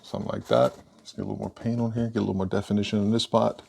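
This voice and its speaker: A man giving a casual painting lesson, relaxed and thinking aloud as he works. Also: lowish voice, rapid-fire, vocal fry, slightly rough. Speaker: painting instructor.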